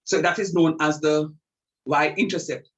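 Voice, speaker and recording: A middle-aged man lectures on calculus in a fairly high, husky voice. He keeps repeating his main point for emphasis and often stops to ask whether his students can see it. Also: steady tone, measured pace, a bit bright, lo-fi sound. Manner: repeats key points emphatically and checks understanding. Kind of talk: classroom math lecture.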